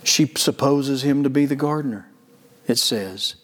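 Preacher in a reverberant hall. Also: male voice, mid-range voice. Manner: earnest, slows down for emphasis, rises and falls in loudness. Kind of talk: sermon.

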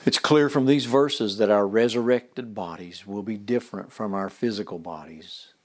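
A man preaching a sermon, reading scripture aloud and explaining it in an emphatic, deliberate way, dropping some phrases to a whisper. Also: fairly low pitch, darkish tone.

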